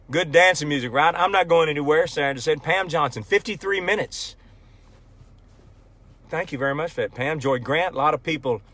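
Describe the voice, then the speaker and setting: A man's voice: a little high, fairly bright tone. Folksy man chatting on a livestream. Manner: folksy, rambling joke-teller. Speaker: country singer hosting a livestream. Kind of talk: casual livestream chat. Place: pickup truck at a ranch. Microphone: phone livestream.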